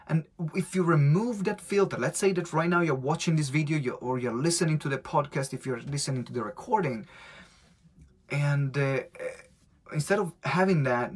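Italian-accented male coach, husky voice, lively live-stream talk. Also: mid-range voice. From Italy. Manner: energetic, animated storytelling with acted-out quotes.

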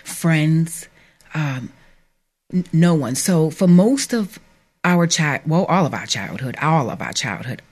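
A middle-aged woman, an author guest on a radio show, giving an earnest, halting personal testimony. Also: low voice, expressive, a little mellow, husky. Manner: earnest, halting, emphatic at times. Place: radio studio.

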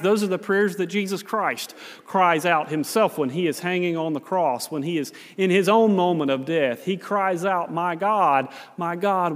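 A man preaching a sermon as pastor, telling a story with dramatic pauses and repeated phrases. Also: high voice, fairly bright tone, in a large hall.

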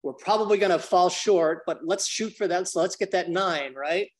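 Man, slightly high voice, energetic business talk, acts out quick dialogues. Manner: addresses the host by name often. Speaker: business consultant and trainer. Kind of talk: podcast interview guest.

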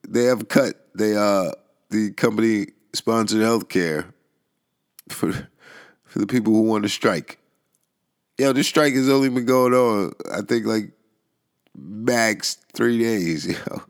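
A man's voice: on the low side, slow, pauses often. A man giving a casual, laid-back commentary monologue, a little stoned with a dry mouth, full of fillers, chuckles and bursts of disbelief.

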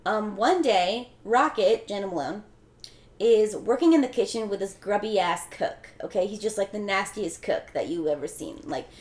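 A woman's voice: medium pitch, animated, normal speed, a little mellow. A young woman casually retelling a film plot as a podcast co-host, chatty and full of fillers. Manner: chatty, filler-heavy storytelling. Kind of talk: casual film recap chat. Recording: roomy echo.

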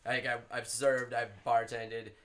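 A man's voice: medium pitch, level tone, unhurried, a bit bright. A man in his thirties telling a rambling bar story in casual chat, full of likes and acted-out quotes. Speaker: bartender and podcast regular.

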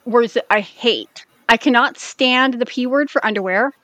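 A woman from the United States co-hosting a podcast in casual chat, blunt and swearing freely, talking in quick bursts. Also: a little high, fairly bright tone, no room sound. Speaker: podcast co-host.

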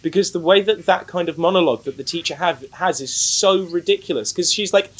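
A man chatting casually about a film, rambling with lots of fillers and swearing, animated. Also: high-pitched, fairly quick, few pauses. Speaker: podcast co-host. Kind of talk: casual film-review chat.

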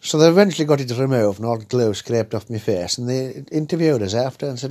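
A man's voice: medium pitch, animated, fast, few pauses, mellow. A man telling a crude, rambling comic story, ending his lines with "eh?". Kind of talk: comic monologue.

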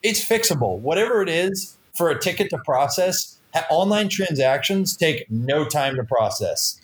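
A man's voice: fairly high pitch, very animated, normal speed. A young man, a stand-up comedian co-hosting a podcast, complaining in casual chat, exasperated and swearing.

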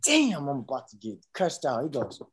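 Animated male football storyteller. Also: medium pitch, normal speed, breathy edge. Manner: animated storyteller, acts out quotes, many fillers. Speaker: former college football player, interview guest. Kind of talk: casual storytelling interview.

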